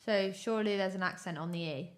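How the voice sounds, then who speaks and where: A woman co-hosting a podcast in casual chat, teasing with quick quips. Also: mid-range voice. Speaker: podcast co-host.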